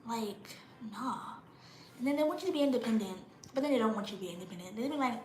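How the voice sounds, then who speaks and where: A woman's voice: a little high, animated, fast, darkish tone, reverberant, slight background noise, rough recording. A young woman vlogging casually, blunt and slangy, shivering a little from the cold. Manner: slangy, blunt, drops into mocking parent impressions. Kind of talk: casual monologue vlog.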